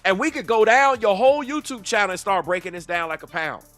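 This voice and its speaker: A man's voice: sits high, animated, quick pace, fairly bright tone, no echo, faint music behind. A man giving heated reaction commentary, confrontational and full of rhetorical questions. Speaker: YouTube commentator.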